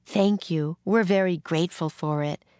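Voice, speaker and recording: A woman reading aloud plays a gentle frontier schoolteacher with a proper, encouraging way of speaking. The teacher's voice sits somewhat above the reader's own low voice. It is recorded dry and close. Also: moderate pace, smooth, dry recording, close to an everyday voice. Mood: kindly.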